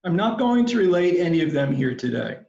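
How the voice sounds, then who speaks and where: A man giving a commencement address, telling a story in a slow, measured, reflective way. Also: sits high, big pitch swings, gravelly, a little mellow. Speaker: commencement speaker. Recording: roomy, slightly dull recording.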